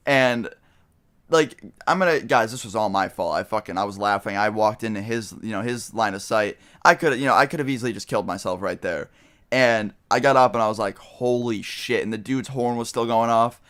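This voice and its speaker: A man's voice: fairly low pitch, a bit bright, smooth. A young man telling a personal story to his viewers in a casual, rambling way, with lots of fillers and the odd swear word. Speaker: vlogger.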